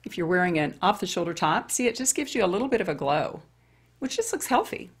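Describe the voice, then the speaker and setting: A woman's voice: on the low side, big pitch swings, quick pace, slightly rough. A woman over fifty chatting her way through a makeup tutorial and talking straight to women viewers. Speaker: beauty vlogger. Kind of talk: casual makeup tutorial chat.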